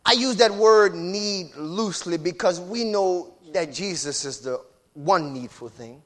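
A man preaching a sermon, swinging between shouted whooping and low, hushed talk. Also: unhurried.

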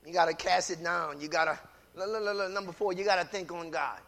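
High, gravelly-voiced male preacher. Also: quick pace. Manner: repetitive call-and-response, rising into shouts. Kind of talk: sermon.

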